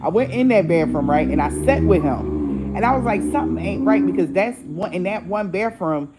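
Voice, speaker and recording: A woman's voice: lowish voice, normal speed, very noisy. A woman vlogger, telling a story casually to her viewers, acting out the voices in it and swearing freely. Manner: animated, acts out voices in quotes, swears freely.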